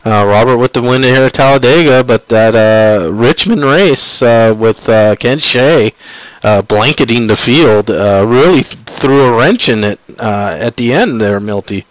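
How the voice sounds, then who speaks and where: A man hosting a live sim racing broadcast, talking in a halting way full of fillers. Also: medium pitch, dry recording, rough recording. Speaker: broadcast host.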